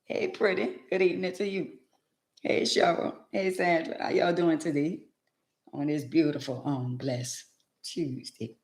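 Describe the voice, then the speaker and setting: An older woman hosting a casual live-stream chat. She talks in a folksy way and leans on emphatic rhetorical questions. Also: deep voice. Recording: echoey room.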